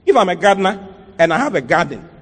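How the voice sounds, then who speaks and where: A man's voice: sits high, sing-song, fast, a bit bright, breathy edge, big-room sound. A man preaching a sermon as pastor, emphatic and full of rhetorical questions and sudden "Hey!" interjections.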